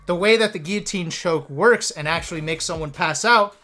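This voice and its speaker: Bright-voiced man telling stories, profane. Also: a little high, a little fast. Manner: animated, profane, laughing. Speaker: streamer. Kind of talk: casual storytelling to camera. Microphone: webcam.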